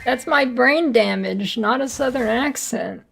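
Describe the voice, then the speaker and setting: A woman game streamer with a strongly gravelly, creaky voice that sits a little high. She chats loosely with her viewers and teases them in a joking way. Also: a little slow, fairly bright tone, slight background noise. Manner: joking, teasing chat banter. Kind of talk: casual stream chat.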